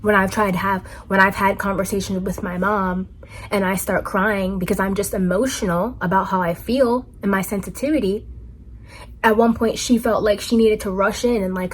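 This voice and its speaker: A woman's voice: medium pitch, breathy edge. A woman vlogger talking in an earnest, heartfelt way, repeating phrases for emphasis. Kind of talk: reflective personal monologue.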